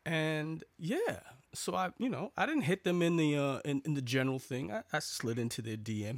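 A male vlogger talks casually to camera in a rambling, sarcastic vlog, his chatty storytelling full of fillers and restarts. His voice is on the high side with lively intonation, at normal speed and with few pauses. The audio is studio quality with no echo.

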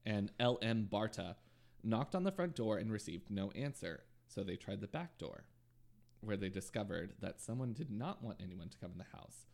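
A man hosting a podcast, narrating a true crime case in a relaxed way with frequent ums and asides. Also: lowish voice, normal speed, creaky. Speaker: podcast host.

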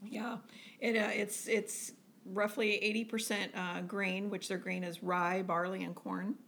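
A woman's voice: mid-range voice, level tone, unhurried, fairly bright tone. A middle-aged woman co-hosting a casual podcast, easygoing and searching for words as she explains. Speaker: podcast co-host, retired firefighter. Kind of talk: casual chat.

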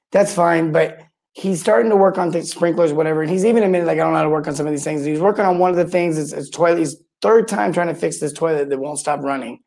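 A man's voice: fairly high pitch, darkish tone. A man hosting his own show, telling a rambling, worked-up story in casual monologue with many restarts. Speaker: podcast host. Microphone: own mic and camera.

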